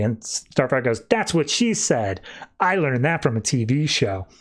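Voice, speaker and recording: A man hosting a podcast, recapping a comic book in a casual, animated way and briefly voicing the characters as he goes. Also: mid-range voice. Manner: animated retelling with quick voiced asides. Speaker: podcast host.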